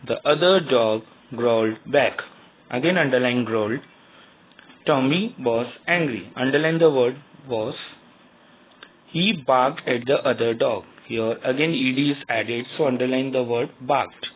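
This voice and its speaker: A man's voice: mid-range voice, husky. A male teacher giving a grammar lesson to young students, spelling words out letter by letter. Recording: tinny phone-like sound.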